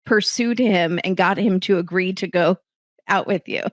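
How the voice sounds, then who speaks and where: Animated woman podcast host. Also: normal speed, no room sound, clean studio sound. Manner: animated, acts out quotes in bright higher voices. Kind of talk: casual chat.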